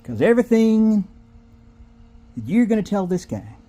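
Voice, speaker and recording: With a warm, high-sitting voice that is very animated, the comedic storyteller keeps a moderate pace. His comic yarn rambles in a drawling, folksy, digressive manner as he acts out each character.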